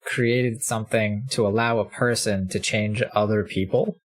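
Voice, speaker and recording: A man playing a character in a tabletop game, describing his moves with a deadpan touch. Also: lowish voice, moderate pace. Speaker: player. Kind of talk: tabletop role-play, in and out of character.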